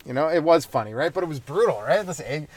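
Rambling Canadian comic, slightly high voice. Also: male voice, animated, quick pace, darkish tone. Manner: rambling, swears, acts out little scenes in mock voices. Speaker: podcast host, stand-up comedian. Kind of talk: solo comedic rant.

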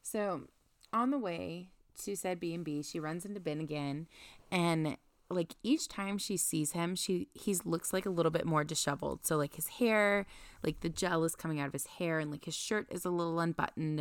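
A woman's voice: lowish voice, normal speed, no room sound. A young woman co-hosting a casual book podcast, chattily recapping the plot with lots of "like". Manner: chatty, recaps plot with quoted asides and frequent "like". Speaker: podcast co-host.

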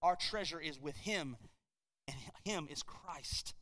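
A man preaching a sermon from a church podium, swinging from quiet passages to loud, emphatic declarations. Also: on the high side, slow, long reverb tail. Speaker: pastor.

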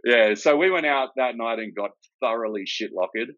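A man's voice: medium pitch, normal speed, fairly bright tone, no echo. An Australian man, middle-aged, a laid-back former soldier telling his story in a casual interview and swearing freely. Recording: dull, lo-fi and dry.

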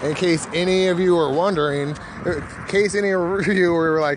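A man's voice: high-pitched, fairly even intonation, moderate pace, hardly any pauses. A man hosting a solo podcast while walking down a street, rambling and laughing at his own jokes. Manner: rambling, self-amused, full of fillers. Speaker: podcast host. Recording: loud street noise outdoors.

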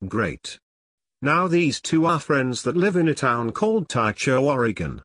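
A man's voice: medium pitch, sing-song, unhurried, breathy edge, no echo, studio quality, exaggerated voice. Rusty bullying demon henchman, as a man reads him. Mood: threatening. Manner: yelling threats.

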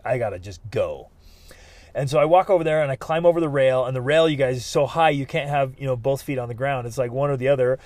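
A middle-aged man tells a personal story with lively energy and acts out the people he quotes. His voice sits slightly high. The recording is close and dry, with no room sound. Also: no room sound. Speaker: speaker telling a personal story. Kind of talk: animated storytelling.

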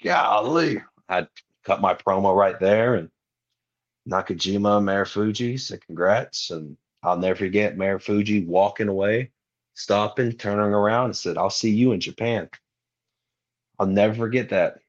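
A man's voice: on the low side, moderate pace. A man in his twenties, a guest wrestler, telling a story in casual podcast talk and animatedly acting out other people's lines. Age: 20s. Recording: muffled lo-fi recording.

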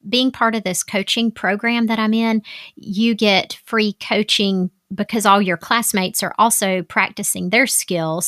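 A woman's voice: medium pitch, a bit bright, no room sound. Chatty woman podcaster, dry close mic. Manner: chatty and candid, with fillers and asides. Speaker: podcast host. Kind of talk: casual solo podcast talk.

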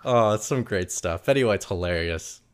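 A man co-hosting a casual podcast, telling stories with lively acted-out quotes. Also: sits low, moderate pace. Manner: animated storyteller, acts out quotes. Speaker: podcast co-host. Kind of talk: casual chat.

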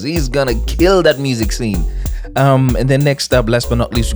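A man hosting a podcast, thanking supporters in an enthusiastic, casual way. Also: mid-range voice. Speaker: podcast host. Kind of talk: casual podcast host read.

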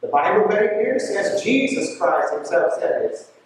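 Emphatic preacher in an echoey church. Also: male voice, high-pitched, animated, normal speed, far from the mic, slight background noise. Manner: emphatic, repeats lines, checks in with the congregation. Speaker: bishop preaching a homily. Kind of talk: sermon.

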